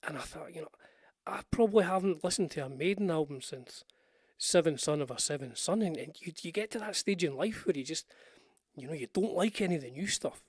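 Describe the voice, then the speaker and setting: A man's voice: on the high side, lively intonation, fairly quick, husky, no echo, studio quality. An older Scottish man hosting a casual livestream, chatting in a meandering way with frequent restarts and asides. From Scotland. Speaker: livestream host. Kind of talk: rambling casual livestream chat.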